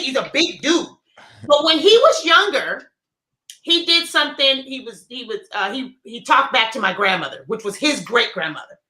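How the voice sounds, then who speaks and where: A middle-aged woman co-hosting a casual chat, telling stories in an animated, emphatic way. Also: high voice. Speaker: co-host. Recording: echoey room.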